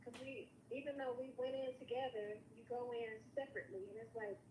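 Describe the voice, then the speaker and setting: A high-pitched woman from Chicago tells a rambling story in a relaxed live-stream chat, bringing it to life with animated voices. The sound is roomy and echoing, with steady noise underneath her. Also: brisk. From Chicago, USA. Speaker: vlog host. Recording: echoey room with background noise.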